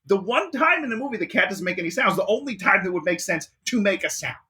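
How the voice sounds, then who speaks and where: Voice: mid-range voice, animated, quick pace, bright, forceful tone. A podcast co-host in a casual movie review chat, ranting in exasperation and swearing often.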